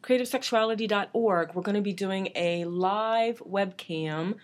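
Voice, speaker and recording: A woman co-hosting a podcast in casual banter, upbeat and quick to laugh. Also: mid-range voice. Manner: upbeat, laughs often, chimes in. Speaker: podcast co-host.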